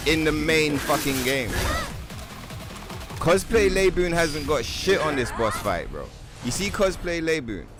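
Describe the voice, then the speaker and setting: A man streaming a video game, commenting casually and swearing constantly. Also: on the high side.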